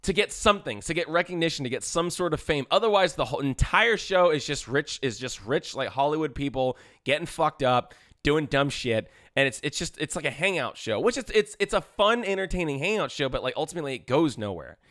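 A man's voice: fairly high pitch, lively intonation, fairly quick, few pauses, a bit bright. A man in his twenties, co-hosting a podcast, talking casually in a profane, emphatic way. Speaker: podcast co-host. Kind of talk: casual chat.

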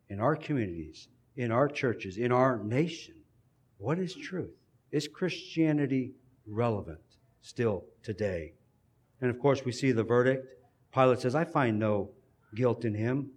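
A man's voice: mid-range voice, darkish tone, breathy edge. Earnest male preacher delivering a sermon.

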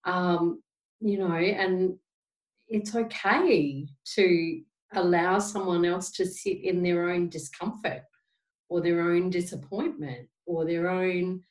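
A woman in her forties speaking gently and reflectively in a casual podcast chat, telling stories. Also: on the low side, slow. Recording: roomy echo, distant from mic.

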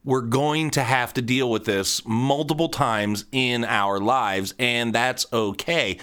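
A middle-aged man hosting a casual monologue, blunt and profane, telling animated stories. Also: mid-range voice, takes it slowly, clean tone.

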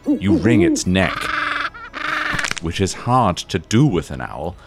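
A man's voice: low-pitched, very animated, slow, noisy background. A man, the game master, narrating a comic tabletop game in a dry, mock-dramatic storytelling manner.

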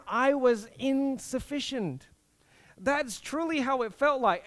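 A young man preaching through a personal story. His voice sits high for a man, and he acts out the voices he quotes with lots of life. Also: fairly bright tone.

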